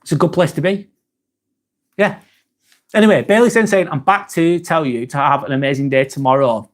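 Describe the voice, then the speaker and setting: A man's voice: a little high, moderate pace. A man hosting a live stream, chatting casually, reading viewer comments aloud and swearing now and then.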